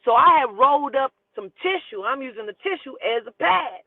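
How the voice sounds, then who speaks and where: Profane, animated woman telling a story. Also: sits high, moderate pace, no echo. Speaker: storytelling host. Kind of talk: casual storytime monologue. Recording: tinny phone-like audio.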